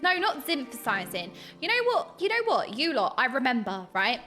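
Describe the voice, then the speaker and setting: A woman's voice: high-pitched, sing-song, moderate pace, bright, forceful tone, soft background music. A young British woman with a British accent chatting animatedly while streaming a game, bursting into laughs and mock outrage. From United Kingdom.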